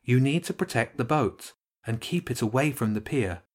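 A man voicing a stern, straight-faced female cat in a storybook reading, measured and severe. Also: mid-range voice, expressive, lightly acted.

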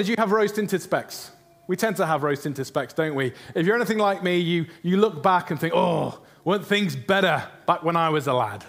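A man preaching a sermon, earnest, often asking his listeners questions. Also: on the high side. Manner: earnest, asks the congregation rhetorical questions.

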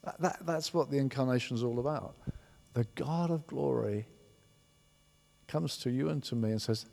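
A man preaching a sermon as a pastor, emphatic and animated, often repeating words for stress. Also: medium pitch, normal speed, gravelly, long pauses. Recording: long hall reverb.

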